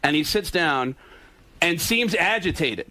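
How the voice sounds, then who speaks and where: A man tells a story on a radio talk show. His voice sits a little high for a man. He is animated and keeps breaking into impressions of the people in the story. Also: measured pace, dry recording. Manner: animated, slips into impressions of others mid-story. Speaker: impressionist guest.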